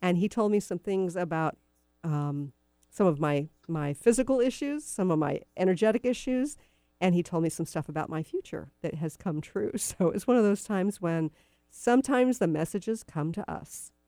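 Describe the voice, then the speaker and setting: A woman's voice: lowish voice, expressive, normal speed, warm tone, no echo, clean studio sound. A middle-aged woman hosting a radio talk show, telling personal stories in a chatty, meandering way with many fillers. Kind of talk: casual storytelling on talk radio.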